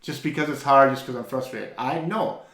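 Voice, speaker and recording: In an echoey space, a male podcast co-host with a mid-range voice and normal speed spins an animated story during a casual faith-based conversation. Thoughts tend to start with repeated words, and he frequently begins sentences over.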